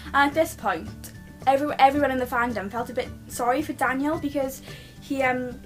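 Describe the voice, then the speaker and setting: A woman's voice: sits high, fairly quick, soft background music. A young British woman telling a personal story to her camera at home, gushing and rambling with lots of restarts. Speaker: vlogger.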